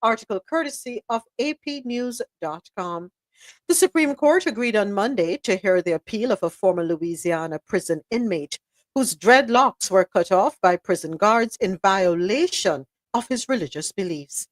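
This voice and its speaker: A woman of middle pitch reads a news story aloud on her podcast, steady and plain. Now and then she stops to add a sharp remark of her own. Her voice sits close and dry, with no room sound behind it. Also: normal speed, no echo. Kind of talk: reading news articles with commentary.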